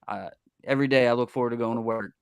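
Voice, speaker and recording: A man hosting a livestream in casual chat, animated and repeating himself when excited. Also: mid-range voice, fast, gravelly, clean tone, dry recording, clean studio sound. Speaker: livestream host.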